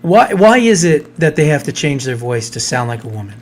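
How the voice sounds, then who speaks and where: Male talk radio host with a slightly high voice, blunt and ranting in a loose chat with his co-host. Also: sing-song, fairly quick. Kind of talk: casual political talk.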